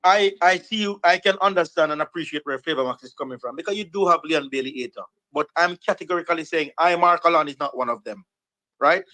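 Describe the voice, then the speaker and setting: A man's voice: fairly high pitch, quick pace, pushed and bright, low-quality recording. A man with a Jamaican accent, a regular panelist, arguing emphatically and laying out his reasons one by one. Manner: lays out numbered reasons, emphatic. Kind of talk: casual panel debate.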